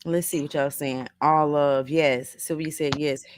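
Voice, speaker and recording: A woman's voice: deep voice, fairly even intonation, measured pace, slight background noise. A middle-aged woman hosting a casual motivational livestream, reading viewers' comments aloud, laughing often and calling listeners baby and honey. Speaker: livestream host.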